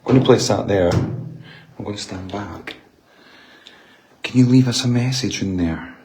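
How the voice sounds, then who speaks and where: Scottish ghost hunter, man, halting casual recap, low voice, clear background noise. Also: reverberant. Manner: hesitant, lots of ums. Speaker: paranormal investigator.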